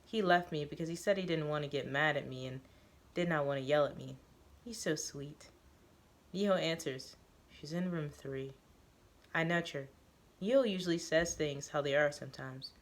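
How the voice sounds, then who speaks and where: A woman reading a first-person story aloud, halting now and then with fillers and self-corrections. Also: deep voice. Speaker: reader of a story.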